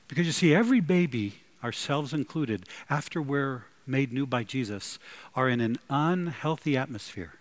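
A man delivering a sermon at a middle pitch, his voice swinging widely up and down. He preaches in an emphatic, animated way and breaks into loud bursts to drive points home. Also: normal speed. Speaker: pastor.

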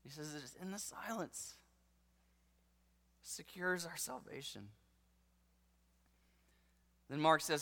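A man preaching a sermon with passion, dropping to a hush and then rising to loud declarations. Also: fairly high pitch, lively intonation, measured pace, long pauses. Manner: impassioned preaching, swinging between hushed and loud. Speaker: pastor. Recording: long hall reverb.

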